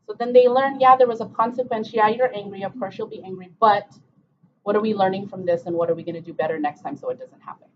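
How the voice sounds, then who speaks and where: A woman's voice: mid-range voice, quick pace, a little hiss or hum. A middle-aged woman presenting a parent workshop, talking informally with many "okay"s and "um"s. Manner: conversational, repeats "okay" and "um", acts out parent and child quotes. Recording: dull lo-fi room recording.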